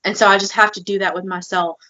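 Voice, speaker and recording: A woman co-host speaks candidly and with emotion about her own experiences, often dropping in a filler "like" as she goes. Her voice sits at an ordinary pitch for a woman. The recording is somewhat dull and lo-fi. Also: flat delivery, quick pace, pushed and bright. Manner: open, emotional, heavy filler "like". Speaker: podcast co-host. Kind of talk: candid personal conversation.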